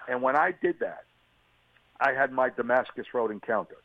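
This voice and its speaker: A man's voice: mid-range voice, moderate pace, gravelly, dry recording. A man, an interview guest, giving an earnest and emotional personal testimony on a radio call. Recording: tinny phone line, dry.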